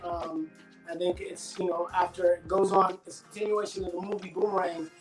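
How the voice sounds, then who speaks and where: A middle-aged actor being interviewed, telling stories in a loose, animated way and acting out his friends' voices. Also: high-pitched, fairly quick, echoey room, soft background music, rough recording. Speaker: actor guest. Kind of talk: casual interview storytelling.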